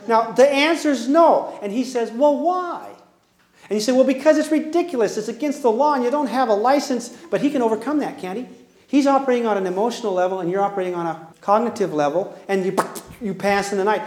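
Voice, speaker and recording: A man giving a humorous parenting seminar to an audience, folksy and teasing, acting out both sides of little dialogues as he goes. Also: very high voice. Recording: echoey room.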